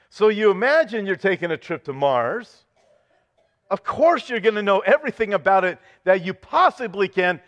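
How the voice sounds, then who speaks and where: Guy preaching a lively sermon, kinda high voice, long echo like a big church. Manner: animated preaching, reads scripture with rising intensity, joking asides. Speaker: pastor. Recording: dull sound with long hall reverb.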